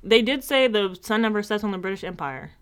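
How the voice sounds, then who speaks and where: Bright-voiced American woman, joking co-host. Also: medium pitch, expressive, fairly quick, smooth. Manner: joking, profane, playful banter. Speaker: podcast co-host. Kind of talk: casual chat.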